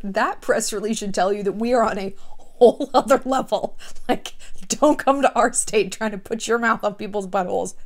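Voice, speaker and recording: A woman vlogger talking casually to her viewers in an animated, gossipy way, blunt and a little profane, with lots of "like.". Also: on the high side. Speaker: vlogger host. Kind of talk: casual chatty commentary. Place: small city apartment.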